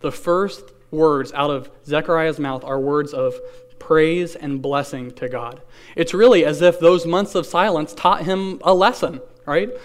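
A pastor delivers a sermon, reading scripture and then unpacking it in an earnest, conversational manner. His smooth, clear voice sits slightly high for a man and keeps a steady tone. He poses questions to his listeners and slows down to emphasize key phrases.

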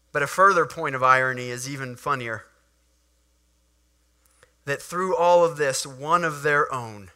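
A man's voice: medium pitch, sharp tone. A man preaching a sermon, reading scripture and animatedly acting out the scenes he explains.

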